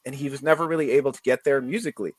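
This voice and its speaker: A man's voice: mid-range voice, fairly even intonation, racing, darkish tone. A man who is a comic book writer, talking as a guest in a friendly way and telling stories with many restarts. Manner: friendly, storytelling, frequent restarts. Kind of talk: casual interview.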